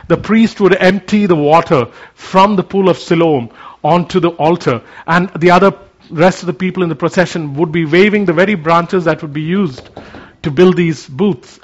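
A man preaching a sermon, moving from quiet reflection into fervent declaration. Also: sits high, highs cut off.

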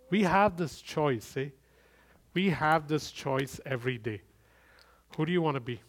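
A middle-aged man preaching a sermon, swinging from loud emphatic bursts to quiet, intimate storytelling. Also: a little high, lively intonation, unhurried, long pauses. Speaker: pastor.

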